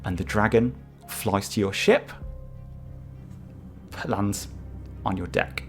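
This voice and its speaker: A man's voice: lowish voice, slow, faint music behind. A man narrating as game master of a tabletop game, with hesitant, filler-heavy description.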